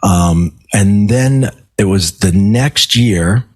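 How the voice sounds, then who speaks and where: Husky middle-aged man telling a story. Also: fairly low pitch, very slow. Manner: animated storyteller who acts out quoted dialogue and swears casually. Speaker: podcast guest, medium and life coach. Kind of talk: casual storytelling interview.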